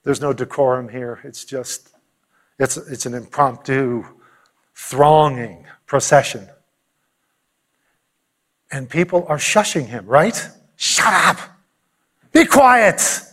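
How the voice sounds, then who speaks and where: A man's voice: mid-range voice, slow pace, long pauses. A male pastor delivering a sermon, telling a story with animation and acting out the quotes.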